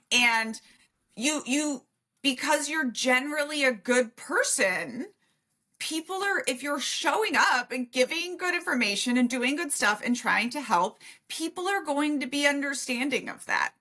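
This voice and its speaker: A woman's voice: a little high, bright, forceful tone. A woman hosting a podcast, talking in a casual, emphatic and outspoken way. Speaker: podcast host. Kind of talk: casual conversation.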